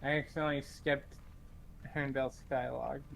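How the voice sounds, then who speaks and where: A man's voice: mid-range voice, little pitch movement, moderate pace, gravelly, a little hiss or hum. A man co-streaming a video game, chatting with playful asides. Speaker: streamer co-player. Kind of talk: casual gaming chat.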